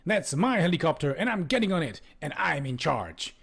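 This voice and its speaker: A man voicing a cowardly, pompous male ambassador in a shrill, shrieking voice. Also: very animated, moderate pace, gravelly, a bit bright, breathy edge, full character voice. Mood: hysterical.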